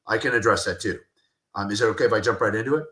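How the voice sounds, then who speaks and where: A man's voice: fairly low pitch, racing, a bit bright. Passionate man talking in an echoey room. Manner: passionate, repeats key phrases for emphasis. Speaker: guest, communication expert and speaker. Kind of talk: animated interview talk with acted-out anecdotes.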